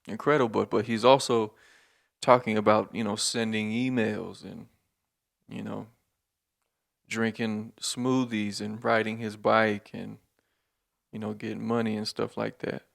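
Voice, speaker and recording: Gravelly low-voiced man ranting. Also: level tone, a little slow, pauses often. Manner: profane, rambling, laughing, with many filler words. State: hungover. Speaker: podcast host. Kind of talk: casual monologue rant.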